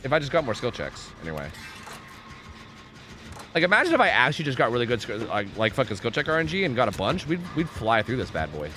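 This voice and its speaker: A man commenting live on his game, his pitch leaping high and dropping low again as he swings from pleading shouts to mumbled asides. He is profane and excitable, with faint music under his voice. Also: fast. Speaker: streamer. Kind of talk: live gaming commentary with chat.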